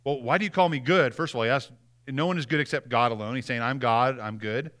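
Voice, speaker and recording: Bright-voiced male preacher, conversational. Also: medium pitch, fast. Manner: conversational preaching, acts out quiet apologies. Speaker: pastor. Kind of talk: sermon.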